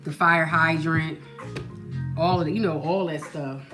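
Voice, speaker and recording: A woman's voice: deep voice, fairly even intonation, measured pace. A woman vlogger chatting casually, telling stories with many asides. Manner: chatty, storytelling, full of asides. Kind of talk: casual chat. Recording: music playing behind the voice.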